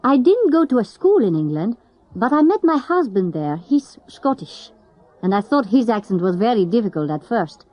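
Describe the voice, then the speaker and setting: A woman from Italy, a native Italian speaker, telling in measured simple sentences how she learned the language. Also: a little high, big pitch swings, highs cut off.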